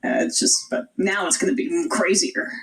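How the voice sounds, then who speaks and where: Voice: mid-range voice, steady tone, moderate pace, a bit bright, rough recording. A co-host speaks in an everyday mid-range voice during a casual podcast chat. The delivery is hesitant, with restarts and repeated words.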